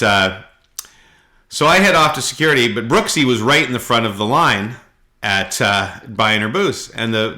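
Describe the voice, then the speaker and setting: A middle-aged man from Canada, co-hosting a podcast and telling animated anecdotes in casual chat. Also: mid-range voice. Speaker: podcast co-host.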